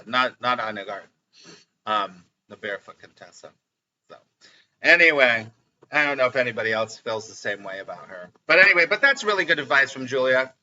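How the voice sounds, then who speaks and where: A middle-aged man hosting a live stream as a spiritual teacher, chatting casually and excitedly, often laughing and repeating lines. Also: mid-range voice, highs cut off, a little hiss or hum.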